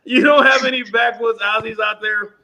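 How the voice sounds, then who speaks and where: Man, high animated voice, teasing, noise behind. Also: moderate pace. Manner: teasing, interjecting. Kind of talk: casual podcast chat.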